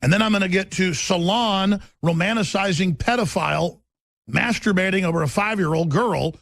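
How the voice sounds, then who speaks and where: A middle-aged man hosting talk radio, delivering an agitated, shouting rant. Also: high voice, moderate pace, vocal fry, no room sound. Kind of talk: angry on-air rant.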